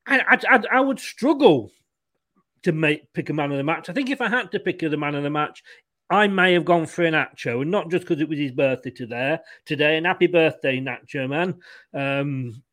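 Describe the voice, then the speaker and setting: A man hosts a casual live fan stream, talking in a quick, chatty way. His voice sits fairly high. He keeps up a loose, relaxed flow. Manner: chatty, quick, reads out viewer comments. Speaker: fan channel host.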